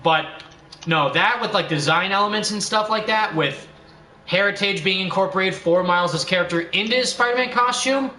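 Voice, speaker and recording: A man's voice: high voice, moderate pace, pushed and bright. A young man hosting a game livestream, chatting casually with a friend, laughing often and quoting movie lines. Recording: echoey room with faint background noise.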